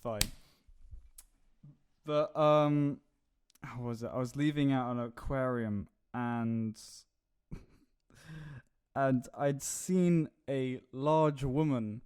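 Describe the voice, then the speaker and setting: Young male podcast host, casual chat, rambling and giggly, ordinary mid pitch. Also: drawn-out words, pauses often, a little mellow, clean tone. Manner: rambling, giggly, trails off with ums.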